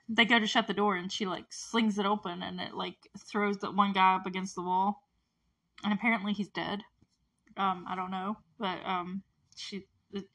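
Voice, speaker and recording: A woman casually recapping a TV episode, chatty and animated, with lots of fillers and asides. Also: mid-range voice. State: close to tears at moments. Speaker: show recap host.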